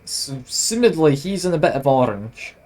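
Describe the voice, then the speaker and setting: This streamer's voice sits fairly high and swings widely in pitch, with a darkish tone and a moderate pace over a rough recording. He narrates his game let's-play style, reading the text on screen and joking at his own expense.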